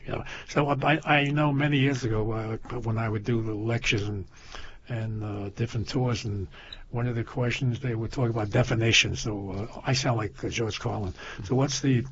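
A man's voice: fairly low pitch, steady tone, moderate pace, slight background noise. An older man in casual chat, rambling through stories with many restarts and laughing at his own jokes. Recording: dull lo-fi sound.

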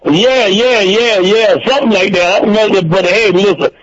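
A man's voice: sits high, normal speed, a little hiss or hum. Older male caller from Georgia reminiscing. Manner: warm-hearted storyteller, repeats himself. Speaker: radio caller. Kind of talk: casual reminiscing chat. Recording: dull lo-fi radio call.

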